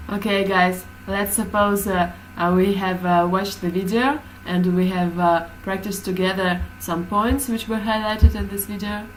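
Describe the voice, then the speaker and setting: A woman's voice: mid-range voice, fairly even intonation, measured pace, few pauses, a little hiss or hum, rough recording. A woman teaching a class, explaining hesitantly with many fillers.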